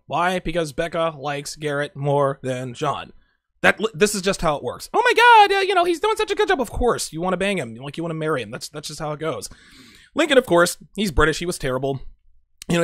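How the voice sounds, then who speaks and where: A man's voice: on the high side, a bit bright, dry recording, clean studio sound. A man giving blunt, profane casual commentary on a TV show, talking straight to his viewers.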